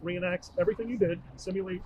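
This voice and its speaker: A man's voice: sits high, quick pace, highs cut off. Methodical male investigator in a noisy recording. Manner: calm, methodical instructions. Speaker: police investigator. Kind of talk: recorded police interview.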